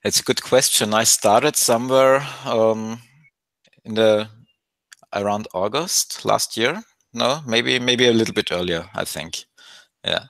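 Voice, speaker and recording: A man's voice: fairly low pitch, measured pace, gravelly, a bit bright, no echo. A man whose first language is German, answering interview questions in a hesitant, casual way over a video call. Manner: hesitant, many fillers and restarts. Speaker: guest maintainer.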